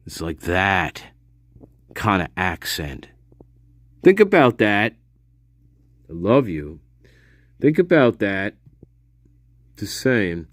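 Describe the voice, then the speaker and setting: A man's voice: sits low, big pitch swings, slow pace, long pauses, no echo, clean studio sound. A man hosting a live video, rambling in a loose monologue, swearing freely and chuckling as he trails off and restarts. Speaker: live stream host.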